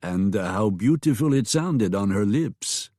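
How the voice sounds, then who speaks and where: A man's voice: lowish voice, lively intonation, slow, mellow, no room sound, clean studio sound. A man voicing a polished, gallant saloon owner with a French accent, in a flowery, courtly manner, for an audiobook. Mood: gracious.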